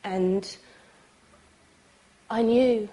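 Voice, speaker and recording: Tearful British woman testifying for a documentary; halting delivery, dark mellow tone. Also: on the high side, fairly even intonation, poor audio. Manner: halting, pausing, hesitant with many ums. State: crying, sobbing. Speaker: abuse survivor recounting her experience.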